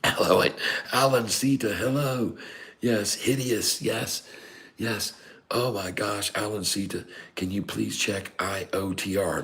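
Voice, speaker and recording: Middle-aged male host, stock commentary, deep voice, unhurried, exasperated and scolding. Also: steady tone, a bit bright. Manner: exasperated, scolding, emphatic repeated no's; drops to a whisper at times. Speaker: day-trading channel host. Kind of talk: live stock chart commentary. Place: sister's house, indoors.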